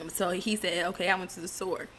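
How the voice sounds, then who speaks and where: A woman's voice: on the low side, steady tone, moderate pace, slight background noise. A woman casually recapping a reality TV episode in a chatty way, dropping sarcastic asides.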